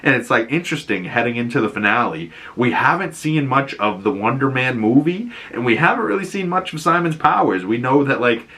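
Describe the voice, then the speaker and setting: A man with a Boston accent, chatting casually as he recaps episodes of a show and acts out the characters' lines in quick voices. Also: medium pitch, expressive, sharp tone.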